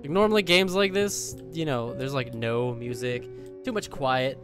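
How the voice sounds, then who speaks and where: A man's voice: medium pitch, moderate pace, a bit bright. A young man giving casual let's-play commentary on a horror game, profane, jokey and mock-tough. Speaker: gaming video host. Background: faint game piano music.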